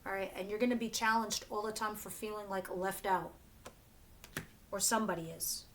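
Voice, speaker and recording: A chatty woman gives a blunt, casual tarot reading to camera in a steady, fairly bright, mid-range voice at a moderate pace. Filler words and self-corrections run through her talk, and there's slight background noise.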